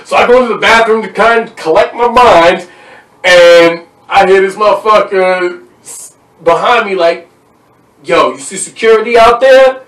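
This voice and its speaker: A young man hosting a podcast, chatting casually and telling animated stories, acting out voices as he goes. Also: high-pitched, normal speed. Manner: animated storyteller, acts out voices and laughs. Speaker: podcast host. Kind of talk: casual chat. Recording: echoey room, mic at a distance.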